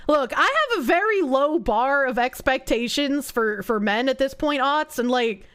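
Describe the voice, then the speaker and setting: A woman with a New Jersey accent streams live and talks back to her chat, crude and quick to laugh. Her voice sits high and leaps wildly between squeals and mutters. She swears freely and shrieks with laughter. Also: expressive, fairly bright tone.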